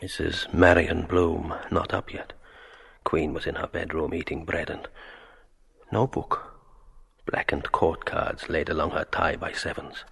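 An actor voicing a wry, drifting inner monologue in a gravelly, husky voice, murmured in fragments. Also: male voice, rumbling low, flat delivery, unhurried, a bit bright, exaggerated voice. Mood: musing.

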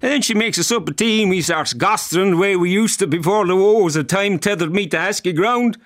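A man's voice: high-pitched, brisk, voice pushed up, lightly acted. A man reading a stage part as an elderly rural Irish man with an Irish accent, in a folksy storytelling manner. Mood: wistful. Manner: folksy storytelling, colloquial grammar. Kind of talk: dramatic reading.

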